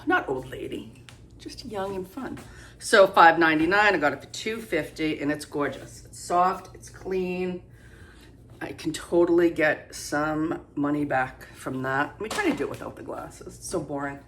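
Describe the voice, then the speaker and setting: A woman's voice: low voice, normal speed, a bit bright, a little hiss or hum. A middle-aged woman chatting casually about her thrift haul from her home kitchen, rambling and self-deprecating. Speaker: thrift reseller vlogger.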